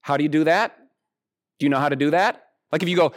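A man preaching a sermon in a conversational, animated way, swinging from excited highs to quiet low asides. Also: fast talker. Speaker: pastor.

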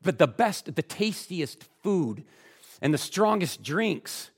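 A man's voice: fairly high pitch, sing-song, slow pace, husky, big-room sound, voice pushed up, full character voice. A man voicing a hedonistic Greek man who lures people toward pleasure, in a mocking, exaggerated way. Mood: mocking enticement.

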